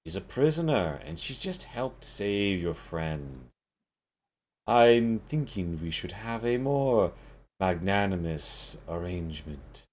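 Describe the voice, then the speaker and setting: A cool, scheming woman speaks softly and with measured calm, as a man puts her on. Her voice is deep and her manner is quietly curious, in a tabletop game. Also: full character voice.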